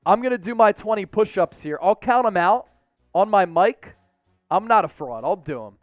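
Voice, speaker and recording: Young male stream host, high-pitched, energetic chat reader. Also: moderate pace, lo-fi sound, faint music behind. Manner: energetic, reads chat aloud. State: exerting, counting push-ups. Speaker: host of a live sports stream. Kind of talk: casual live-stream chat.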